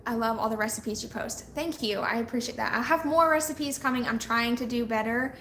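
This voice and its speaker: A woman's voice: fairly high pitch, fairly quick, fairly bright tone. A young woman, chatting casually with viewers on a live stream and laughing often as she tells stories. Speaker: vlogger on a live hangout. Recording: echoey room with faint noise.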